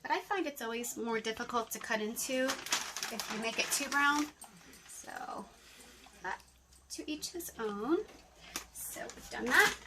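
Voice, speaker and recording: A woman's voice: a little high, measured pace, long pauses, far from the mic, heavy background noise. A woman hosting a home cooking video, talking viewers step by step through a recipe in a casual, chatty way. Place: home kitchen.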